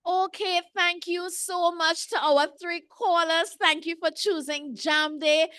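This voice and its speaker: A woman's voice: very high-pitched, fairly even intonation, slow pace, sharp tone, no echo, clean studio sound. A woman hosting a live call-in show, chatty and teasing the callers as she takes their questions. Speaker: show host.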